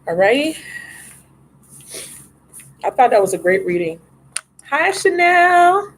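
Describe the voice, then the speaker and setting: A woman gives tarot readings on a live stream, chatty and affectionate, calling her viewers baby and love. Her voice sits at an ordinary pitch, with a faint hiss of noise behind it. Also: expressive, unhurried, darkish tone, rough recording.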